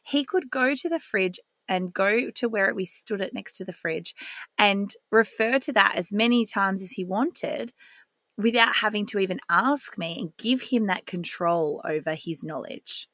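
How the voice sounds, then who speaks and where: A woman, hosting a solo podcast and speaking in a calm, earnest, reflective way. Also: medium pitch, a little slow, no room sound, studio quality. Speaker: podcast host.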